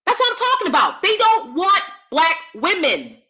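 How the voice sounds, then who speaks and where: At normal speed, an American woman runs a casual livestream and responds to chat with animated bluntness. She alternates between a high voice and a deep one, breaking into laughter in her asides.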